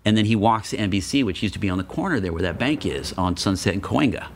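Animated man telling a family story. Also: fairly low pitch, fast, a little hiss or hum. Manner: animated, acts out quotes. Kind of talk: casual storytelling.

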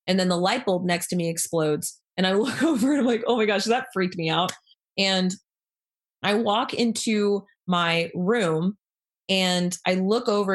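A woman telling a personal story in a casual, animated way, acting out what people said with lots of "like" fillers. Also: medium pitch. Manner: animated, acts out quoted lines, many fillers.

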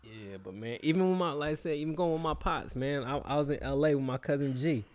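A man chatting casually, telling a personal story in relaxed slang and acting out other people's voices. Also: a little high, fast. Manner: laid-back, slangy storytelling with animated quoted voices. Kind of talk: casual chat.

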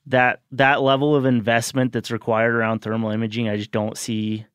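A man's voice: medium pitch, normal speed, clean tone, no echo, highs cut off. A man in casual conversation, telling an anecdote and quoting others as he goes. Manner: storytelling, quotes others in lively bits.

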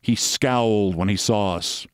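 A man reading a comic mystery story aloud in a steady, dry storytelling voice. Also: on the low side, a little slow, smooth, no echo. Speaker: narrator.

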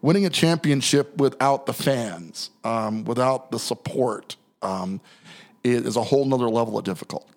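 A man hosting a casual podcast from a downtown studio as a real estate coach, relaxed and joking, often restarting his sentences. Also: medium pitch, normal speed. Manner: laid-back, joking, talks through ideas with restarts.

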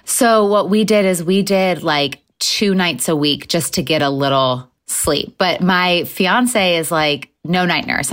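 Woman podcast host, low voice; casual, rambling, lots of restarts. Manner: chatty, rambling with many restarts. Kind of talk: casual chat.

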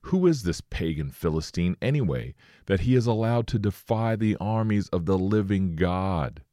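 A preacher reading as bold young shepherd David. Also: male voice, low-pitched, expressive, moderate pace, dark tone, dry recording, studio quality. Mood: indignant. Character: young male shepherd hero, bold and indignant.

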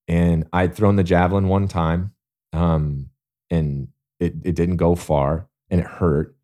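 A man guesting on an interview show, recounting his path with earnest, animated storytelling. His voice sits very low and sounds mellow and dark. The pace shifts between drawn-out phrases and quick bursts. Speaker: guest, Olympic athlete.

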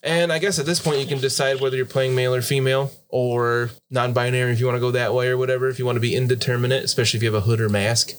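Male GM host, relaxed and chatty, laughs easily, steady mid-range voice. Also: medium pitch, racing, hardly any pauses, slight background noise. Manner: easygoing, laughs often, reads out lists. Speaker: game master and host. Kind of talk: casual tabletop game chat.

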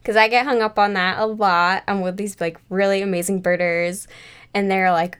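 A woman's voice: mid-range voice, fairly even intonation, normal speed, fairly bright tone, smooth. A young woman, a guest from a bird conservation group, chatting politely and avoiding swearing. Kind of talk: casual chat.

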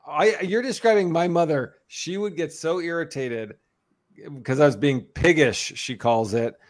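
A man's voice: fairly high pitch, unhurried. A man in his thirties telling funny stories about his toddler in a casual chat. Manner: animated storyteller, mimics a toddler's voice in quotes.

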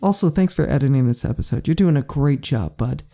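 A man's voice: mid-range voice, lively intonation, a little fast, creaky, mellow. A man co-hosting a podcast over a call, teasing his partner in a mock-threatening way. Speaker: podcast co-host. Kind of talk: casual podcast chat. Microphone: call on a phone or computer.

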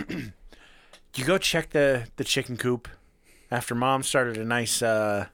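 A man's voice: mid-range voice, slow, a bit bright, clean tone, dry recording. A man co-hosting a podcast in casual chat, cracking crude jokes and acting out silly made-up scenes. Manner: jokey, profane riffing, spins silly scenarios. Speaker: podcast co-host.

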